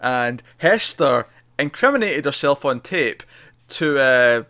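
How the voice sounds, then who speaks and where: A man's voice: medium pitch, animated, slow, pushed and bright. A man co-hosting a TV review podcast, animatedly retelling scenes and laughing often in casual chat.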